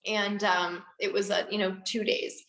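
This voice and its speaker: A woman dentist in her forties telling a long story in an interview, animated, laughing, acting out the people she quotes. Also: mid-range voice, unhurried, roomy sound, low-quality recording. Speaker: dentist guest.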